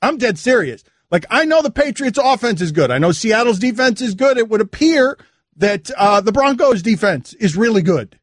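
A man hosting a sports radio show, talking casually in an animated, mock-exasperated way from a studio. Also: high-pitched, normal speed, no echo. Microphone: studio mic.

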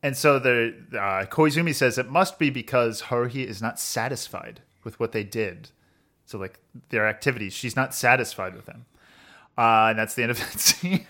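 A male podcast co-host rambling through a long summary, stacking up "uh"s and "like"s and breaking into laughs. His voice is bright and forceful, at an average pitch for a man. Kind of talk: casual podcast chat.

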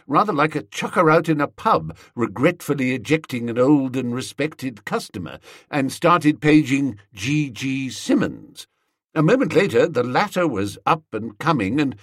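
A man reading a comic novel aloud in wry, lively first-person storytelling. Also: mid-range voice, no room sound, studio quality. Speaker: audiobook narrator. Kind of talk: scripted comic narration.

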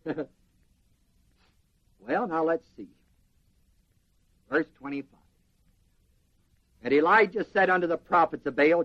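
A man preaching a sermon in an animated way, quizzing the congregation with questions. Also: fairly high pitch, takes it slowly, pauses often. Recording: dull lo-fi sermon recording.

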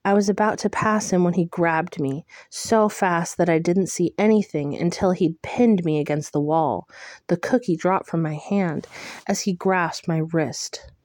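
A woman reading a first-person novel aloud in a hushed, intimate way. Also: lowish voice, unhurried, no echo, studio quality. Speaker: audiobook reader.

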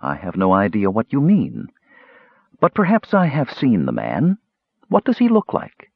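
A man's voice: on the low side, wildly swooping pitch, a little slow, creaky, slightly rough, dry recording, narrow, tinny audio, full character voice. A man voicing a uneasy, secretive noblewoman counselor in an audiobook, lifting his voice for her. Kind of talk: audiobook character reading.

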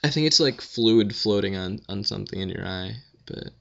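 A young man answers viewer questions in a loose, rambling vlog, sounding tired and unbothered. His voice sits low with a gravelly fry, yet it keeps a bright edge. The recording is dull and lo-fi. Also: lively intonation, moderate pace. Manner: rambling, offhand, swears and yawns, tired. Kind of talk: casual Q&A vlog.

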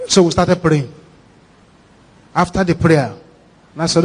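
A Nigerian man, a pastor, preaching a sermon with animated, repetitive, dramatic storytelling. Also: fairly high pitch, measured pace, breathy edge. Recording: echoey hall reverb.

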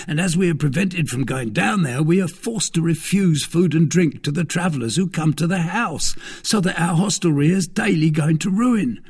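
A man's voice: a little high, creaky, breathy edge, pitched above the performer's own voice, exaggerated voice. A man voicing a fretful, pleading innkeeper. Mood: lamenting. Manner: agitated, grovelling and excitable. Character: fretful, pleading middle-aged male innkeeper.

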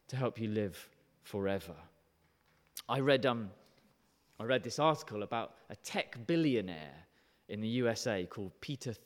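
A man preaching an animated, emphatic sermon, often putting questions to his listeners. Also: on the low side, in a large hall. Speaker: pastor.

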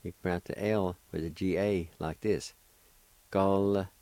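A man hosting a radio language lesson, speaking deliberately and spelling out words syllable by syllable. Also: low-pitched, steady tone, warm tone, no room sound. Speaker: radio host teaching a language.

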